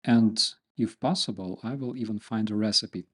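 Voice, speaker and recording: A man with a Ukrainian accent hosts his channel, chatting casually with viewers, reading comments, joking and using many fillers. His voice is lowish and slightly rough, at normal speed.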